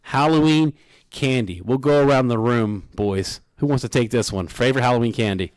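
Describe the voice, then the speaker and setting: A man's voice: mid-range voice, moderate pace, no room sound. Jokey male radio host, dry studio sound. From Philadelphia area. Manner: jokey, laughs often. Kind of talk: casual radio chat.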